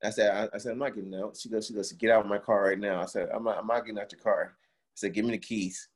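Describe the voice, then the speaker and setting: A man's voice: fairly low pitch, steady tone, quick pace, slightly rough. A young man in casual chat, animatedly telling a story, swearing and acting out the quotes.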